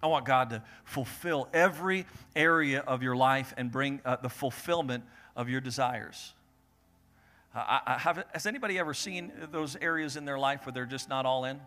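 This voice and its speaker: A young adult man preaching a sermon, telling stories and acting out voices with lively delivery. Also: medium pitch, normal speed, soft background music. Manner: animated storytelling, acts out voices. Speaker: pastor.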